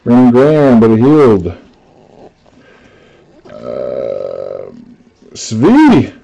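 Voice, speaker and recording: Hosting a live card break, a man chats casually, tells stories, laughs easily, and reads aloud the cards he pulls. His lowish voice is animated and warm at a normal pace, though the recording cuts off the highs.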